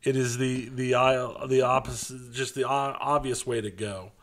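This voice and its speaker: A man co-hosting a gaming podcast in casual chat, joking dryly and pitching absurd ideas with a straight face. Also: little pitch movement, moderate pace, a bit bright. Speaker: podcast co-host.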